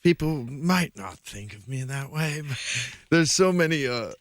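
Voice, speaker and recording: A man's voice: on the high side, animated, unhurried. A man guesting as an actor in a radio studio interview, easygoing and rambling, with a fondness for improv. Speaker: stage and film actor, guest.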